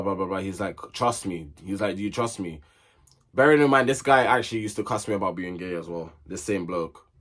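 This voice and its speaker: A man's voice: on the low side, fairly bright tone. A young man telling a personal story in a chatty, digressive, slang-filled way. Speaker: vlogger. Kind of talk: casual storytime chat.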